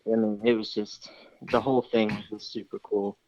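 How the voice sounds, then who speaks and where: A man's voice: on the low side, level tone, moderate pace, a little mellow, no room sound. A young man telling a story casually in an interview, rambling along with many restarts and fillers. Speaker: interview guest, hunter. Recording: slightly dull, dry recording.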